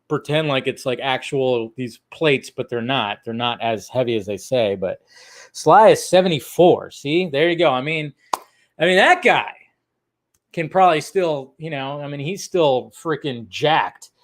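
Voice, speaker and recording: A man's voice: mid-range voice, lively intonation, a little slow. A man hosting a casual movie news livestream, rambling loosely and laughing often as he swears. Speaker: movie news channel host.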